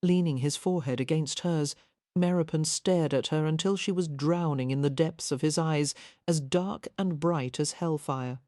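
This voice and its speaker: A woman narrating a historical romance audiobook in a measured, even storytelling manner, close to the mic. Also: deep voice, no echo.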